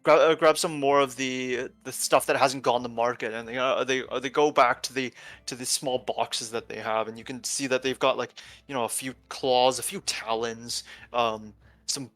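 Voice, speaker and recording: A man narrating a tabletop game as game master, halting with many fillers and restarts. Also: mid-range voice, steady tone, a bit bright, dry recording, faint music behind.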